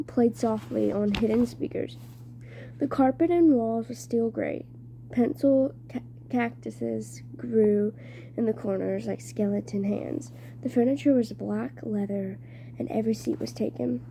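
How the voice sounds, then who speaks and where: A woman reading a novel aloud, slowly and with frequent stumbles and restarts. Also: a little high, warm tone, slight background noise. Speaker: reader.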